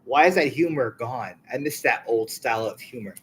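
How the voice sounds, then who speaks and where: A man hosting a casual podcast chat, asking rapid questions with many restarts. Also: mid-range voice, a little hiss or hum, low-quality recording. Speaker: podcast host.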